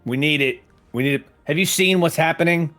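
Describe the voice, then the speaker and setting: A man's voice: a little high, fairly bright tone, soft background music. Bantering male tabletop player. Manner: casual, quick in-character banter. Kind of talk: playing a tabletop game in character.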